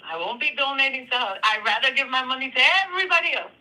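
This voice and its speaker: A speaker on a live call-in stream, chatting casually in a hesitant, measured way with many fillers. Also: sits high, expressive, sharp tone, low-quality recording. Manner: hesitant, measured, full of "you know" and "um". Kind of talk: casual chat.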